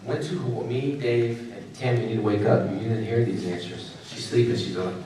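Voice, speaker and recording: A man's voice: mid-range voice, brisk, warm tone. A man in his thirties telling stories at a convention Q&A, laughing often and slipping into playful quoted voices. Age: 30s. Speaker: convention panel guest. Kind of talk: animated con Q&A storytelling. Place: large convention hall. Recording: echoey hall, heard from a distance, crowd noise.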